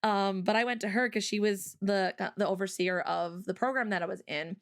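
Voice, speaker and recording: Her mid-range voice goes a little fast as she hosts a livestream and tells a story. The streamer is chatty, heavy on "like" and "um" fillers, often speeds up, and performs her own past lines.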